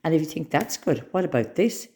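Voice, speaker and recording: A woman voicing a spiteful young boy prince who taunts and shouts insults. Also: low-pitched, lively intonation, brisk. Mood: taunting.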